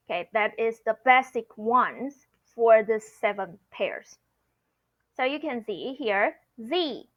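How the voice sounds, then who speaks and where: Slow, patient woman teaching pronunciation. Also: fairly high pitch, dull audio. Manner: slow, patient, repeats sounds in drills. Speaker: Mandarin teacher. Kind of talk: pronunciation lesson.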